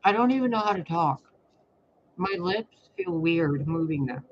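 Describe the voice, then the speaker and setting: A male tarot reader with a high voice delivers a rambling, casual monologue at an unhurried pace, blunt, expressive and full of swearing. The recording is muffled, with slight background noise.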